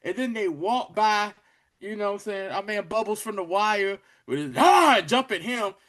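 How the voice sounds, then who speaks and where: High-pitched and a bit bright, this young man talks at a moderate pace. He's a podcast co-host in casual conversation, animatedly recounting a show's scenes with slang and dramatized quotes.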